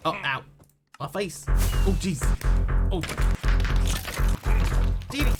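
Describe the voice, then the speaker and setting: Chatty streamer man, high voice. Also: takes it slowly, pauses often, over loud music. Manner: chatty, scattered, yelps and thanks viewers. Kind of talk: live game stream chat.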